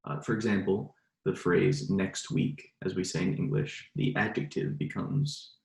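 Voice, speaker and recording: A man's voice: deep voice, fairly even intonation, unhurried, creaky, darkish tone, roomy sound, rough recording. A young man giving a class presentation, talking casually with frequent uhs. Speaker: student presenter.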